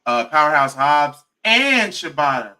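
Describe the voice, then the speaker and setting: A man's voice: a little high, sing-song, unhurried, pushed and bright, low-quality recording. A man in his early thirties hosting a casual watch-along chat with friends, joking and leading the group. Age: early 30s. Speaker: podcast host.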